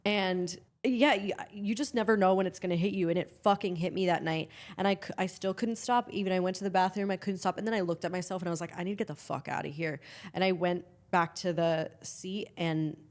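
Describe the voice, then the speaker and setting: A woman's voice: on the low side, fairly quick, a little mellow. A woman telling a story in casual podcast chat, with many restarts and free swearing. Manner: swears freely. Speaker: guest.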